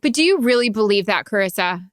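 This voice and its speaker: A woman's voice: mid-range voice, expressive, fast, no room sound, clean studio sound. A woman co-hosting a podcast in casual chat, chiming in with short remarks and prompting her partner to tell stories. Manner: brief interjections, prompting her co-host's stories. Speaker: podcast co-host.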